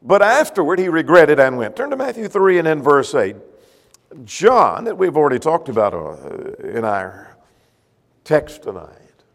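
A man's voice: sits high, gravelly. A male preacher giving a sermon, explaining a passage step by step and asking rhetorical questions. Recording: long hall reverb.

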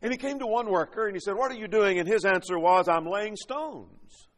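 A man's voice: high voice, fast talker, big-room sound. A man preaching a sermon, reading scripture and building points with rising and falling emphasis.

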